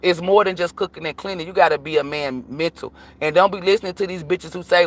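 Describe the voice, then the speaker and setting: A woman's voice: lowish voice, fast. Blunt, profane woman ranting to viewers. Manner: blunt, profane, preachy advice. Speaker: tarot reader streaming to viewers. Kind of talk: live-stream rant to viewers.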